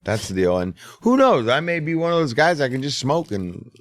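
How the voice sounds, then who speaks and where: A man's voice: mid-range voice, sing-song, normal speed. A middle-aged man telling a casual, profane story as a podcast host. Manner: profane, laid-back storyteller.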